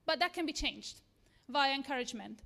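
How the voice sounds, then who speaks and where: A woman with an Italian accent speaks on stage in a fairly high voice. Her delivery is earnest and slightly nervous, with a self-deprecating edge. It sounds like a live lightning talk in front of an audience. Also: animated, a little fast, vocal fry, bright, forceful tone. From Italy. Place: event room with a live audience.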